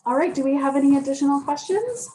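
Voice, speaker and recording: A woman's voice: high-pitched, lively intonation, fast, dark tone, rough recording. A woman moderating a startup demo day, moving things along with upbeat transitions. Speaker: event moderator.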